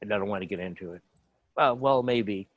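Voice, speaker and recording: A man's voice: lowish voice, fairly quick, no room sound, muffled recording. Rambling man giving a panel talk. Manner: rambling, many fillers and asides. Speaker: panel speaker on human rights. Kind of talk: informal talk, lecturing.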